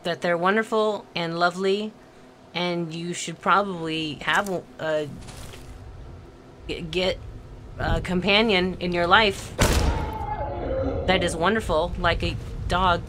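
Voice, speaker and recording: A woman gamer narrates her own horror playthrough at an unhurried, drawn-out pace, tense and swearing under her breath. She mutters to herself and snaps at things in the game. A steady hiss of background noise sits under her voice. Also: fairly low pitch. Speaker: let's play gamer. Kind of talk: live horror game commentary.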